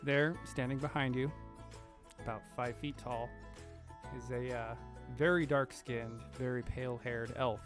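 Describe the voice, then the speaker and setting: A man running a tabletop game as game master, narrating in a relaxed, hesitant way. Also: medium pitch, unhurried, music in the background.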